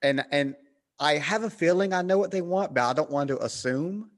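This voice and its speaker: A man's voice: a little high, normal speed. A man with a Southern American accent, hosting a casual podcast chat and laughing often. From United States. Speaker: podcast host.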